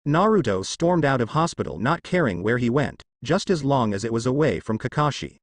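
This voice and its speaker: Man, fan fiction narrator, steady reading, animated pitch, dry close mic. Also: a little fast, no echo.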